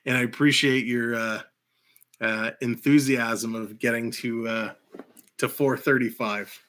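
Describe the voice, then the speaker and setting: A man's voice: mid-range voice, fairly even intonation, fairly bright tone. A man with a Canadian accent calling live hockey play by play and chatting with viewers between plays. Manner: rapid play calls mixed with chatty asides to viewers, laughing often. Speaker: play-by-play host.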